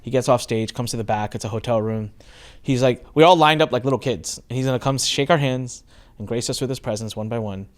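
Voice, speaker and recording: Middle-aged man, podcast host, animated storyteller, casual chat, medium pitch. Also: brisk. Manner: animated storyteller, acts out quoted exchanges.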